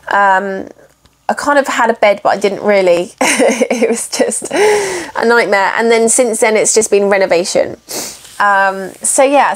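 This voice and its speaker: A young woman in an RV talking casually to camera, rambling and emotional with many ums. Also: on the high side. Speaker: cross-stitch vlogger. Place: inside an RV.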